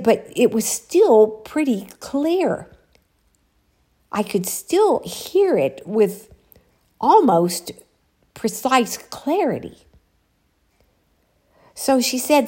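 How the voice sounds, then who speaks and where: A woman's voice: fairly high pitch, sing-song, slow pace, long pauses, a little mellow. A woman vlogging outdoors on a walk, chatting casually as she retells a spooky story. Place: outdoors, walking.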